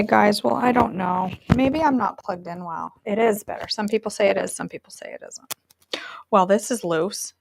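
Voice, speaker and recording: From her home kitchen, a woman runs a laid-back live cooking stream in a mid-range, fairly bright voice. Chatty and self-mocking, she fiddles with her mic as the audio warbles with static.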